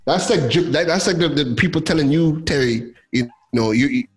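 A young man from Trinidad, telling a personal story in a casual chat as a guest, animated and quoting others. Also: on the high side, moderate pace. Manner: animated, lively retelling with quoted voices.

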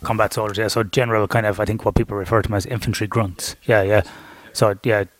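A man's voice: lowish voice, little pitch movement, fast. A man with an Australian accent hosting a podcast interview, asking chatty, curious questions. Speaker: podcast host.

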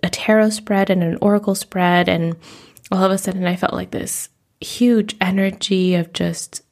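A woman's voice: mid-range voice, steady tone, moderate pace. A woman in her thirties hosting a podcast, talking candidly and emotionally about herself, close to tears at times. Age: 30s. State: teary. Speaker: podcast host. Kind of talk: reflective personal monologue.

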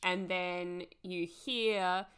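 Bright, smooth-voiced woman co-host. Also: lowish voice, steady tone, drawn-out words. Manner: chatty, laughs often, many fillers. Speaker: podcast co-host. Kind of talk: casual chat.

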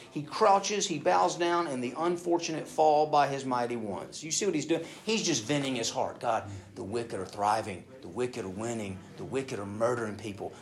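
Guy preaching a sermon, reads the bible out loud then talks right at the crowd, gets loud then goes real quiet. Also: a little high. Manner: reads scripture aloud, then speaks to the congregation directly; animated, moves between loud emphasis and hushed asides. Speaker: pastor.

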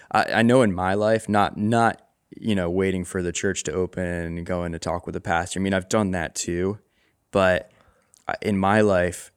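A man with a very deep, smooth voice shares his thoughts in an easygoing, casual way. The sound is dry and close to the mic. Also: no echo. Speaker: talk show co-host. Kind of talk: casual chat.

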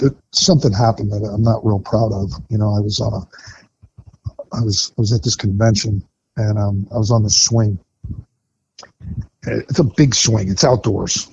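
A man's voice: lowish voice, gravelly, a little mellow. A middle-aged man and retired firefighter, frankly telling his own recovery story in conversation, with many fillers and restarts. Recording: dull lo-fi podcast audio with faint noise.

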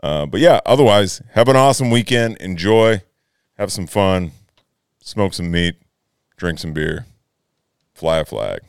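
Casual podcast co-host, male, low and resonant voice, dry close sound, relaxed storyteller. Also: unhurried, gravelly, pauses often, clear, resonant tone, no echo. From United States. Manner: laid-back, swears freely, laughs often. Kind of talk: casual chat.

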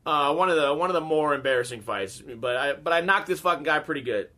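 A man's voice: fairly high pitch, fast talker. A man in his thirties telling casual, profane stories as a podcast host, acting out the people he quotes. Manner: profane, animated, acts out quoted voices. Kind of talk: casual storytelling chat.

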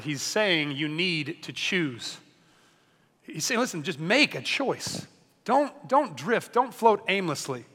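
A man preaching a sermon as a pastor, energetic and conversational, often joking with the congregation. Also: high voice, takes it slowly, slightly rough, in a large hall.

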